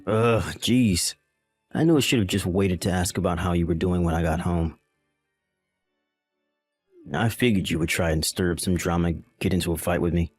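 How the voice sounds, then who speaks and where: A man's voice: sits low, moderate pace, pauses often, darkish tone, husky, no echo. Guy doing callous husband, exasperated, faint music behind. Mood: dismissive. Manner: dismissive, exasperated, blaming. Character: callous dismissive young husband. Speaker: voice actor in a text story drama. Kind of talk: dramatized text-message story.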